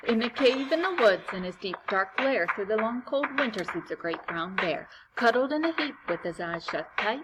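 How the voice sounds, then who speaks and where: A woman teacher performing a picture book as a rhythmic rap, lively and sing-song. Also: a little high, moderate pace, few pauses. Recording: loud background noise.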